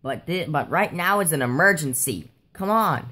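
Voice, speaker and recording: A woman voicing Dennis, a calm, friendly male diesel engine in a homemade toy train story, easygoing and matter-of-fact. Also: deep voice, moderate pace, a little hiss or hum. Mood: urgent.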